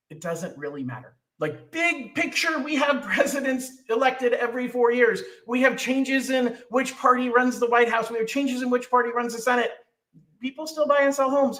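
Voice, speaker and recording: A middle-aged man from California, a mortgage lender giving a casual market update, who talks in an animated way and acts out other people's voices. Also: extremely high pitch, far from the mic. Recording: echoey room, away from the mic.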